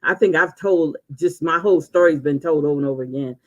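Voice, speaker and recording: A woman in her sixties chatting and laughing on a casual livestream, telling stories with drawn-out exclamations. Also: low voice, low-quality recording. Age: 60s. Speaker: livestream host.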